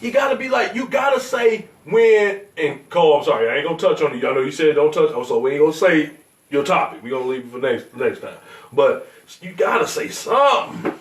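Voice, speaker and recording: A fairly high-voiced man hosting a loose podcast conversation, blunt and profane, who acts out bits of stories as he goes. His pitch swings widely. He sits well back from the mic in a room with a roomy echo. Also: lively intonation, quick pace, far from the mic. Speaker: show host. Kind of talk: casual podcast chat.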